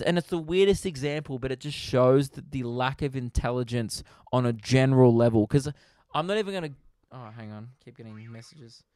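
A man's voice: mid-range voice, no room sound, studio quality. A young Australian man hosting his own podcast, telling stories casually, swearing a lot and acting out the people in them. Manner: swearing, animated, acts out other people in funny voices. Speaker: podcast host. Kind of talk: casual solo podcast storytelling.

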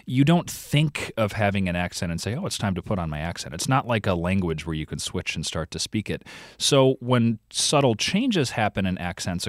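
Low-voiced man explaining on radio. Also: dry recording, studio quality. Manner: explanatory, thinking aloud with fillers. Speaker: radio guest, podcast reporter. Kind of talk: conversational radio interview.

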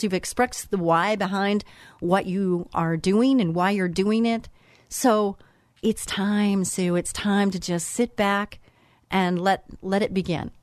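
A woman's voice: mid-range voice, a little mellow, no echo, clean studio sound. A middle-aged woman hosting a show, giving an earnest, emphatic motivational monologue that repeats phrases for effect. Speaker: host.

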